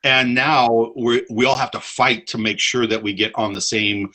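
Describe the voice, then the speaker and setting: Guy w a bright punchy voice, trips over his words a lot, laughing as he talks. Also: medium pitch, flat delivery, moderate pace. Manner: repeats and restarts words, laughs often. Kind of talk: casual podcast chat.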